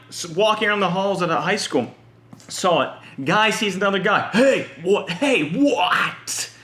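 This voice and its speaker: Guy ranting comedy monologue, pitch jumping all over, echoey room. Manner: animated, exaggerated storytelling. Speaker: web series host.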